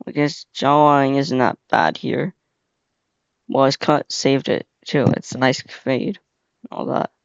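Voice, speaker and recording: A man's voice: medium pitch, flat delivery, unhurried, vocal fry, smooth, no room sound. A young man hosting a casual reaction video, rambling with lots of fillers and slang. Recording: dull, lo-fi, dry sound.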